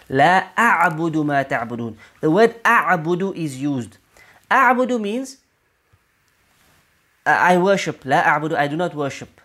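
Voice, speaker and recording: A male teacher giving an explanatory religious lesson. He often checks in with the listener and recites short Arabic verses quickly between his explanations. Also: high voice, fairly bright tone. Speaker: teacher of Quranic interpretation.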